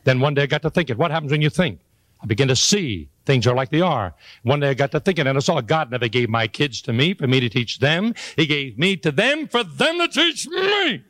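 A man's voice: medium pitch, lively intonation, quick pace, rough recording. An older man giving a motivational speech to a live audience, folksy and joking, with emphatic repeated lines. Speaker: motivational speaker.

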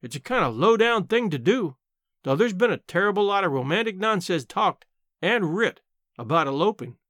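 During a story reading, a man voices an old countrywoman aunt who is blunt and sharp-tongued, speaking dryly and matter-of-factly in plain country talk. His voice is high-pitched with big pitch swings at a normal speed, on a dry recording.

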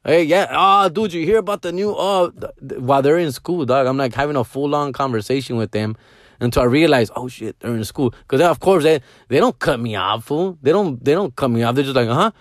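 Man, middle-aged, casual storytelling, slangy, animated, Spanish slang mixed in, mid-pitched voice, dry close recording. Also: a little fast, dry recording. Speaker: parent telling stories.

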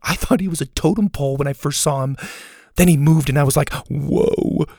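A man playing a flustered, nerdy young boy at camp, voice raised above his own and rushed. A storybook kid voice, lively in tone, recorded dry and close. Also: on the high side, vocal fry, dry recording, voice pushed up. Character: nervous young camp boy, dino nerd.

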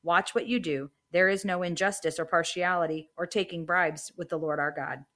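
A woman hosting a Bible reading podcast, reading the text aloud and dropping in brief casual asides, slowing down for quoted lines. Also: fairly low pitch, fairly even intonation, fairly bright tone.

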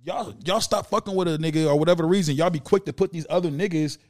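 A man's voice: a little high, fast, a little mellow. A man hosting a casual podcast chat, talking emphatically and profanely, often repeating words as he builds a point.

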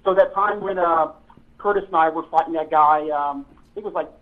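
A high-voiced man tells old police stories in loose, rambling chat, laughing and catching his own mix-ups along the way. His voice comes through a thin, phone-like line. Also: fairly quick. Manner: rambling, self-correcting, laughs while telling stories. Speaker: podcast host, former police officer. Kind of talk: casual storytelling chat.

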